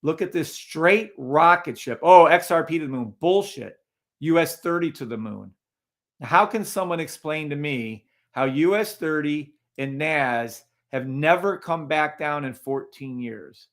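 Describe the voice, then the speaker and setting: A man's voice: fairly high pitch, expressive, measured pace, fairly bright tone. A man hosting a live trading stream, talking casually over charts and greeting viewers in the chat, often sounding incredulous.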